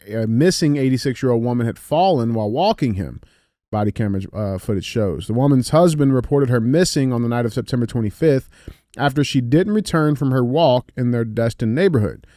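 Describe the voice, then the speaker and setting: A man's voice: mid-range voice, lively intonation, a little fast, warm tone, no echo, clean studio sound. A man co-hosting a podcast, introducing a segment and reading a headline aloud in casual talk. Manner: agreeable, hypes the segment, reads headlines. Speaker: podcast co-host.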